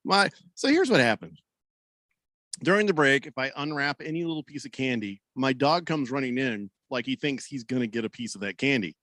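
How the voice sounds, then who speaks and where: Joking, breathless sports radio host. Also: male voice, medium pitch, animated, brisk, a bit bright, dry recording. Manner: joking, rambling, frequent restarts. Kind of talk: casual sports radio talk. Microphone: studio microphone.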